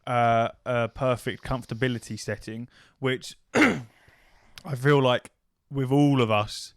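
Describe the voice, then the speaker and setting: A man's voice: mid-range voice, slow, dry recording, clean studio sound. A man co-hosting a podcast, casual chat, teasing with casual swearing. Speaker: podcast co-host.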